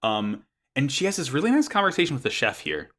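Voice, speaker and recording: Young dude rambling thru an anime recap, bouncy pitch, bright tone. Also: male voice, very animated, quick pace. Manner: rambling, full of ums and likes. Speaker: podcast co-host. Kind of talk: casual anime recap chat.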